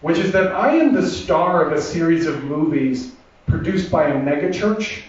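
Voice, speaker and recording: A man tells comic stories about himself on a theater stage, chatty and self-deprecating, with a slightly high voice. The sound is distant and echoey, picked up from across a big room on a dull, muffled recording. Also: animated. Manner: self-deprecating, chatty, with restarts and quick asides. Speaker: comedian performing a solo show. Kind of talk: stand-up storytelling. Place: theater stage before a laughing audience.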